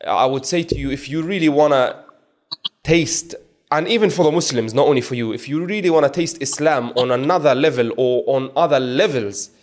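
A man's voice: mid-range voice, brisk. A man hosting a podcast interview with a caller, often breaking into blessings and restarting his sentences. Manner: warm, repeats religious blessings, hesitant restarts. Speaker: podcast host.

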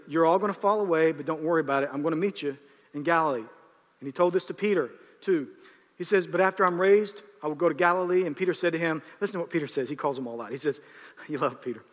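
A male pastor delivers an impassioned sermon in a high, bright, ringing voice. He swings between calm storytelling and fervent exhortation. His voice carries a long reverb, as in a church sanctuary.

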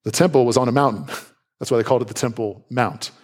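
A male pastor preaching a sermon in a conversational, animated way, with playful asides and quick jumps in pitch when he voices reactions.

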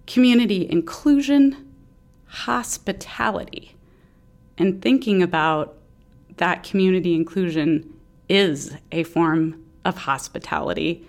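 A woman's voice: lowish voice, a little slow. A woman co-hosting a podcast, effusive and openly emotional in casual chat. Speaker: podcast co-host.

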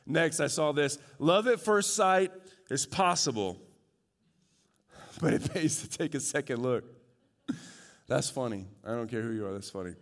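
A man pastor preaching a sermon, shifting from loud joking asides to hushed, earnest emphasis. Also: a little high, lively intonation, normal speed, long reverb tail.

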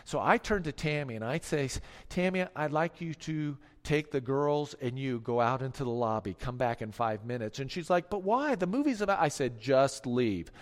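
A middle-aged man preaching a sermon, telling stories that swing from hushed asides to forceful declarations. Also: medium pitch, moderate pace, hardly any pauses, big-room sound. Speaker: pastor.

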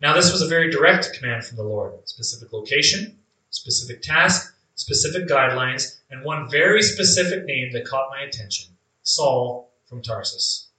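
A man's voice: mid-range voice, animated, sharp tone. A man playing a devout early believer who is imprisoned, beaten and blinded, telling his story in an earnest, reflective dramatic monologue. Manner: earnest, reflective, with drawn-out emphatic phrases. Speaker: actor in a first-person monologue. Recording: echoey room, mic at a distance.

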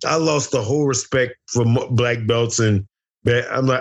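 A man's voice: mid-range voice, moderate pace, gravelly, dull audio. A middle-aged American man telling a wild story as an interview guest, boisterous and profane, acting out the dialogue. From United States. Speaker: interview guest, former fighter.

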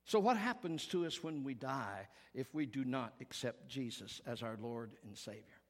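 A man preaching a sermon as pastor, earnest and emphatic, rising to strong peaks and falling to hushed tones. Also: mid-range voice, expressive, normal speed. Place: church sanctuary. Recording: long reverb of a large hall.

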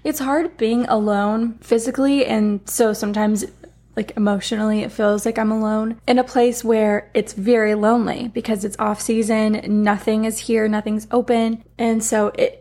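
A young woman hosting her own podcast in casual chat, her voice groggy and raspy from the morning, talking candidly with lots of fillers at home. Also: a little high, fairly even intonation, moderate pace, a little mellow. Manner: chatty, candid, frequent fillers. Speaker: podcast host and life coach. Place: home room with heater and humidifier running.

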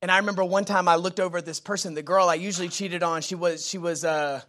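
A young male pastor with a drawl preaches with a bright, ringing edge to his voice. He shifts from loud emphatic lines down to hushed prayerful murmurs, with informal jokes and stories along the way. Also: high-pitched, fairly even intonation, quick pace. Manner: swings between loud emphatic preaching and quiet prayerful asides. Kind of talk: sermon.

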